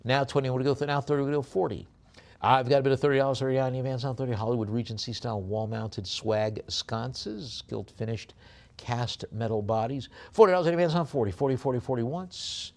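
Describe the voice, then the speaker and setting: A man working as a live auctioneer, reading out lot descriptions and then rattling off fast bid calls. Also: mid-range voice, vocal fry, a little mellow.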